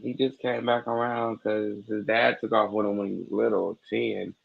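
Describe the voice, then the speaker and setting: A man calls in to a live chat and tells his story in a low-key, halting way. His voice sits on the low side and is heavy with gravelly fry. The audio is dull and lo-fi. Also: flat delivery. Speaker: caller. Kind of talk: casual storytelling.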